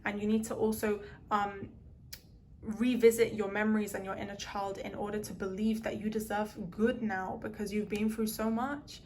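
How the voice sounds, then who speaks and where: An earnest woman talks through a tarot card reading to her viewers, her voice at a middling pitch. She rambles and circles back, filling gaps with "um" and "like". A faint hiss sits under her voice. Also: little pitch movement, normal speed, a little mellow. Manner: rambling, full of "um" and "like"; earnest, emotional.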